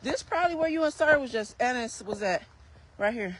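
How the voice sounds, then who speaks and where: A slightly high-pitched woman walks an outdoor park trail, a little out of breath as she talks. She chats and teases her kids in a casual vlog, recorded on a handheld phone with faint noise behind her. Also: lively intonation, a little fast. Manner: chatty, teasing, talking to her kids while walking. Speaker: vlogger and mother.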